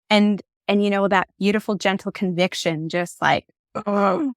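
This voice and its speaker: A woman in her forties, a podcast guest, telling a personal story in an expressive, candid way. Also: medium pitch, unhurried, clear, resonant tone, dry recording, clean studio sound. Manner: candid and reflective.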